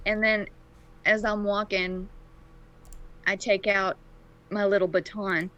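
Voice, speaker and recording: A woman's voice: mid-range voice, little pitch movement, takes it slowly, long pauses, fairly bright tone, lo-fi sound. A woman playing in a tabletop game, chatty and amused. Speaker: player. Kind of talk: casual tabletop game chat.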